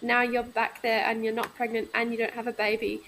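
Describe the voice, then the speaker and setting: A woman in her thirties talking candidly in a casual podcast conversation, reflective and halting, often restarting her sentences. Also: on the high side, monotone, fairly bright tone, slight background noise, low-quality recording. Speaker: guest, midwife.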